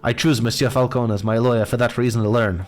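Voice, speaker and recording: A man voicing a sly male fox private investigator in a game, speaking in a smooth, courteous, knowing way over faint game music. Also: medium pitch, steady tone, fast talker, lightly acted. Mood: suave.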